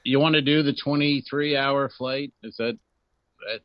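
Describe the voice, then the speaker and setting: A man's voice: medium pitch, a little slow, dry recording, highs cut off. A man who works as a comedian, joking and swearing in casual chat. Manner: animated, profane, joking banter.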